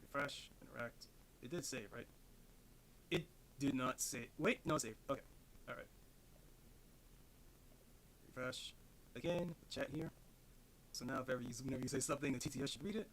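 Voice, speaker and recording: Speaking fairly quickly but with long pauses, a man streams from his home desk, rambling and swearing as he works things out aloud. His mid-range voice is a bit bright, the desk mic is set farther back at an odd angle, and a little hiss or hum comes through.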